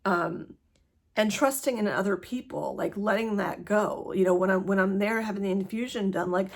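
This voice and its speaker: A woman talking casually to camera in a personal vlog, rambling with lots of fillers and a hurried pace. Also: medium pitch. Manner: rambling, many fillers, laughs often. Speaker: vlogger sharing her cancer journey.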